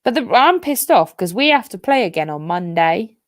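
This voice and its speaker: A woman's voice: medium pitch, sing-song, normal speed, no echo, studio quality. A young woman co-hosting a football watch-along, ranting and swearing at the match. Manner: swearing, explosive outbursts at the match. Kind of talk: live watch-along chat.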